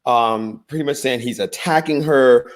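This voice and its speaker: A man's voice: mid-range voice, unhurried. A man hosting a casual chat, amused and chatty, setting up a video for listeners. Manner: amused, chatty, laughs easily. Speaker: host. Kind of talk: casual chat introducing a clip.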